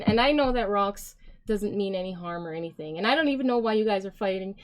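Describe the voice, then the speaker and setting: A woman's voice: mid-range voice, animated, fast. A woman live-streaming, chatting casually and reading viewer comments aloud, rambling with lots of fillers and giggles.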